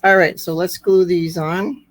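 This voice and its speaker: A woman with a slightly squeaky voice, chatting through a card-making tutorial step by step. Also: fairly even intonation, no room sound, rough recording. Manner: unhurried, chatty step-by-step explaining. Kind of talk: craft tutorial narration.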